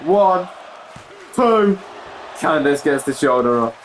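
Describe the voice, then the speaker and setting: A young man with a slightly high voice calls the action of a wrestling game in loose, casual play-by-play. He gets excited at big moves, says "jeez" a lot and trips over and corrects his own words, with a faint hiss under the recording. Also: takes it slowly, poor audio. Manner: excitable, keeps saying "jeez", corrects himself mid-sentence. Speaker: gaming YouTuber commentating a wrestling game.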